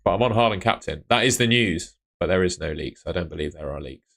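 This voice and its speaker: Low-voiced chatty man streaming live. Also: lively intonation, fast, creaky, a bit bright. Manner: chatty, rambling, answers chat by name. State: tired, yawning. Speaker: fantasy football streamer. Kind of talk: casual live stream chat.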